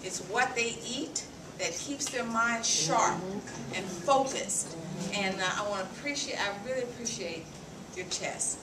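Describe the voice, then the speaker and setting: An older woman giving a short, halting, grateful testimonial at a meeting, speaking as a grandparent. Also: fairly high pitch. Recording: echoey hall, distant mic, loud background noise.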